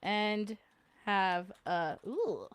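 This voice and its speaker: A woman's voice: medium pitch, expressive, drawn-out words, clean tone, no room sound. A woman hosting a casual livestream, chatting with viewers. She reads their comments aloud, jokes and laughs often, and hums little filler tunes. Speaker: livestream host.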